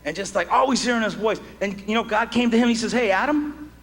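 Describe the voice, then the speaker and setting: A man's voice: sits high, fast talker, big-room sound. A man doing stand-up comedy in front of a live audience, chatty and jokey with lots of asides. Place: stage before a live audience. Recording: live show with audience and noise.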